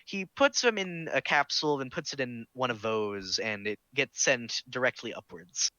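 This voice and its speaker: A man's voice: mid-range voice, lively intonation, normal speed, pushed and bright, no echo, muffled recording. A man narrating as game master of a tabletop game in online voice chat, casual and full of fillers.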